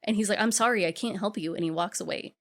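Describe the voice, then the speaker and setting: A woman co-hosting a podcast, casually recapping a horror film and acting out characters' lines in quick quotes. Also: medium pitch. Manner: retells scenes in quick acted-out quotes, swears casually. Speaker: podcast co-host. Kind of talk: casual movie recap chat.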